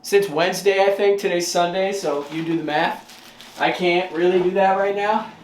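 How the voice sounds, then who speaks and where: A relaxed, self-mocking man chats his way through a lazy day at home in a slightly raised voice. His casual swearing rings around an echoey room. A faint hiss sits underneath. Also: sits high, moderate pace. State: out of breath. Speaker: vlogger. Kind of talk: casual vlog talk to camera.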